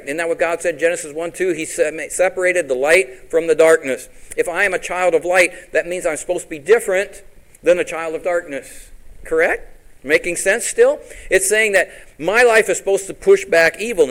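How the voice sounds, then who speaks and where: A middle-aged man preaching a sermon as pastor, lively and throwing rhetorical questions at his congregation. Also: fairly high pitch, normal speed, low-quality recording.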